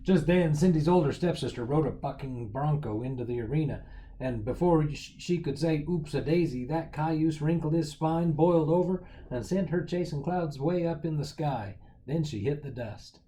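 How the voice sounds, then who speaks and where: A man reading a picture book aloud as a storyteller, with lively, expressive storytelling. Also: fairly high pitch, moderate pace, a little hiss or hum, low-quality recording.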